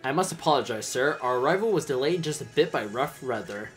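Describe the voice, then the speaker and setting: A man's voice: medium pitch, animated, fairly quick, faint music behind, lightly acted. A man voicing a polite, nervous male ship sailor in a game, courteous and fretful.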